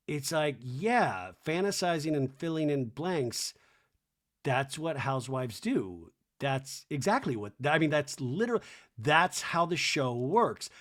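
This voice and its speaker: A man's voice: mid-range voice, a bit bright. A man hosting a comedy podcast, recapping a reality show in a wry, sarcastic, chatty way.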